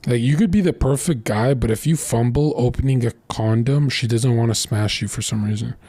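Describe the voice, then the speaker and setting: Blunt young man with a dark voice. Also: medium pitch, fairly quick, husky, no room sound. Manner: blunt, crude and boastful. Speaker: streamer. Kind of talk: casual storytelling monologue.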